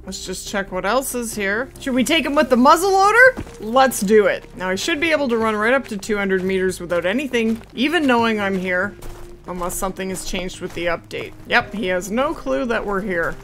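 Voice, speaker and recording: A woman giving game commentary for her channel, explaining things calmly and then squealing and laughing when the action heats up. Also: medium pitch, a little fast, slight background noise. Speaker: gaming YouTuber.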